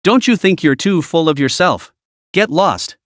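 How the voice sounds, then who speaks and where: A man's voice: a little high, animated, unhurried, no echo, clean studio sound. A man voicing a scheming, arrogant middle-aged stepmother in an audiobook-style recap, coaxing one moment and icy the next. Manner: coaxing then icy, sly giggling.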